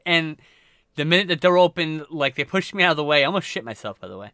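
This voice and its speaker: A man's voice: a little high, expressive, fast talker, bright, forceful tone, clear, resonant tone, no room sound, studio quality. A man hosting a livestream, telling a rambling, profane anecdote in casual chat, full of restarts and swearing. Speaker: livestream host.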